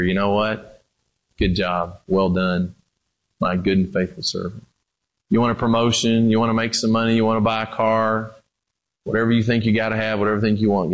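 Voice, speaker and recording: A man's voice: on the low side, highs cut off. A man preaching a sermon, telling a story and then pressing his listeners with emphatic questions.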